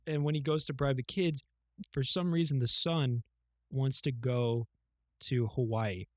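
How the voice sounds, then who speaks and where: A podcast co-host rambles casually through a plot retelling, full of fillers, cusswords and laughs. His mid-range voice has fairly even intonation and a measured pace, in a studio-quality recording with no echo.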